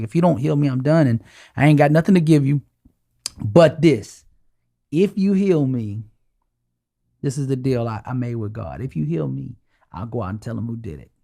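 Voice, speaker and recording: This man's voice is fairly high and gravelly. Interviewed as a podcast guest, he shares a personal anecdote with lively energy, voicing the dialogue as he tells it.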